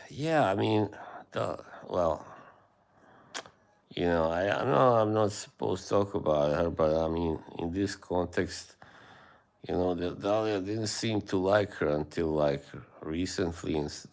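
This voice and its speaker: A man hosting a livestream, chatting casually with viewers in a rambling, hesitant way with many fillers and soft laughs. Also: low-pitched, vocal fry. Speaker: livestream host.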